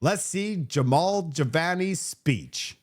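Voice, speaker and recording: A man hosting political commentary with a sarcastic, animated delivery. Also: on the high side, slow, breathy edge. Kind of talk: opinion commentary.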